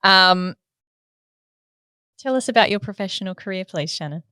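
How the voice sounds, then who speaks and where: A woman's voice: mid-range voice, lively intonation, normal speed, sharp tone, clean tone, no echo. An Australian woman co-hosting a podcast, with dry, teasing humour. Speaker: podcast co-host. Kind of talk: casual podcast chat.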